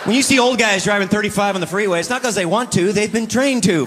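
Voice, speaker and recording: A man with a high voice performs stand-up on stage and plays both halves of a married couple's spats, breaking into loud comic bursts. A laughing crowd and steady noise sit behind him in the live recording. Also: quick pace, few pauses, long reverb tail. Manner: acts out both sides of marital bickering, big comic outbursts. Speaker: stand-up comedian. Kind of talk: stand-up comedy routine. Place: stage before a live audience.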